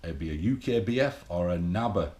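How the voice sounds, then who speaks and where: A middle-aged man gives a blunt, swearing, rambling pep talk straight to camera. His voice sits fairly low. The room around him rings with echo. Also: expressive, brisk, darkish tone. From England. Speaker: bodybuilding vlogger. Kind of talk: casual monologue to camera. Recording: echoey room.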